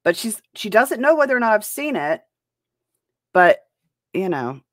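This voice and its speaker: A woman's voice: medium pitch, very animated, measured pace, fairly bright tone, no room sound, clean studio sound. A woman hosting a reaction commentary show, talking in a blunt and profane way. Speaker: host.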